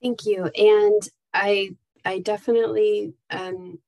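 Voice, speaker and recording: A woman's voice: mid-range voice, steady tone, slow, a little mellow, no echo, poor audio. A woman who leads a nonprofit, telling candid, heartfelt stories in a casual chat with frequent fillers. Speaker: nonprofit staff leader.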